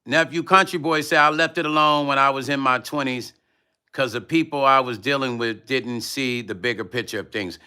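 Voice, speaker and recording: On his livestream, a middle-aged music vlogger with a clean, mid-range voice goes through chat messages at a normal speed. His manner is casual and rambling, full of laughter as he wanders from topic to topic.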